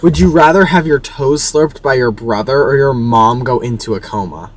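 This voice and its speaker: A young man in casual chat, telling a story as an animated, swearing rant. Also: medium pitch, moderate pace. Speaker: co-host.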